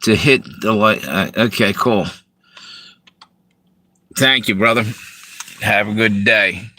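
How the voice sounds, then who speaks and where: Relaxed man chatting on a live stream. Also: on the low side, slow, no room sound. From Delaware, US. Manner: relaxed, rambling, reads out viewer comments. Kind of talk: casual live stream chat. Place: parked car.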